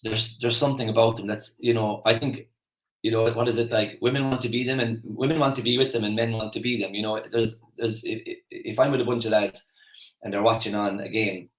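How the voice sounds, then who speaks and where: A man's voice: lowish voice, fairly even intonation, a little fast, roomy sound, rough recording. An Irish man giving a casual motivational talk, chatty and rambling with lots of restarts and fillers. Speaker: motivational speaker.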